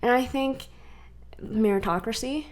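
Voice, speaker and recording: A young adult woman from the US West Coast, co-hosting a podcast in casual chat, animated and laughing between points. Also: fairly high pitch, unhurried. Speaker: podcast co-host.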